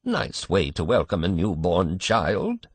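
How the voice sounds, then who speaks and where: A cracked, whiny old man, put on by a male reader, grumbling and complaining from his crib. His quavering voice jumps high above the reader's own, swoops all over, and sounds husky. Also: huge pitch swings, measured pace, a bit bright, no echo, exaggerated voice. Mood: querulous.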